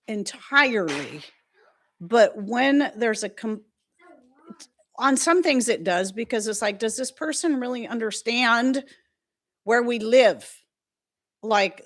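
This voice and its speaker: A middle-aged woman chatting casually on her livestream, rambling from one story to the next and reading out viewer comments. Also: mid-range voice. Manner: chatty, rambling, reads chat comments aloud. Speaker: livestream host.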